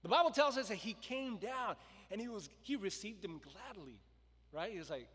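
Animated preacher in an echoing hall. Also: male voice, high voice, brisk, slightly rough. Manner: animated storytelling, acting out the crowd and quotes. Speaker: pastor. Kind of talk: sermon. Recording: long reverb of a large hall.

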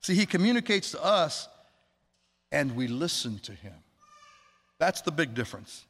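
A man preaching a sermon, earnest, slowing down to stress words and quoting scripture. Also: a little high, sing-song, a bit bright. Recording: long hall reverb.

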